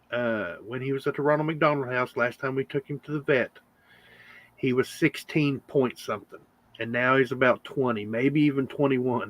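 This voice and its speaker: A man hosting a casual livestream chat, rambling with lots of fillers. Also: mid-range voice. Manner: rambling, chatty with frequent fillers. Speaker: channel host.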